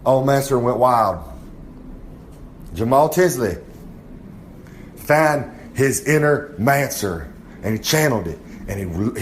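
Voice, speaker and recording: A man's voice: mid-range voice, expressive, moderate pace. Male wrestler type, cocky drawling braggart, slight room noise. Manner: swaggering, rambling, drawling brag. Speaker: wrestler giving a comic segment. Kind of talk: boastful in-character monologue.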